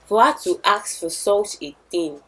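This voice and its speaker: A man's voice: high voice, expressive, unhurried, a bit bright. A woman voicing a young village prince speaking to a visiting farmer. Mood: admiring. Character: young male prince, suspicious then admiring.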